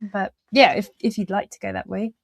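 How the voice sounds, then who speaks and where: A woman's voice: medium pitch, little pitch movement, moderate pace, creaky, slightly rough, no room sound. A woman hosting a casual interview, talking in meandering, trailing sentences with frequent fillers and easy laughs. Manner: laughs easily while talking. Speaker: podcast host.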